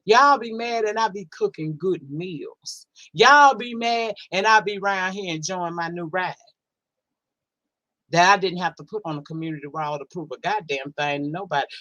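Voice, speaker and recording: A woman's voice: fairly low pitch, a bit bright, dry recording. A woman hosting a casual livestream, reading out chat comments in a blunt, profane, sassy way and drawling words for emphasis. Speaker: livestream host.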